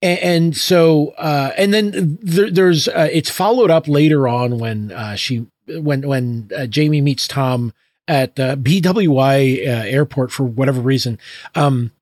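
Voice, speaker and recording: A man co-hosting a casual book-club podcast, talking in a halting way with many restarts. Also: mid-range voice, a little mellow, no echo, clean studio sound. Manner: halting, full of fillers and restarts, laughing. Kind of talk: casual chat.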